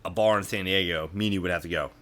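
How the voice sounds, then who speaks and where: Low-voiced young man, profane and rambling. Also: fairly even intonation, racing, a bit bright. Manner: profane, rambling storytelling with many fillers. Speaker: podcast guest. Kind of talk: casual chat.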